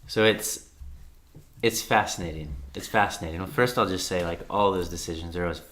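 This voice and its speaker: A man's voice: deep voice, brisk, fairly bright tone, slight background noise. A man in his thirties, a podcast guest, talking earnestly and reflectively, with frequent "like" and casual swearing. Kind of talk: candid conversation.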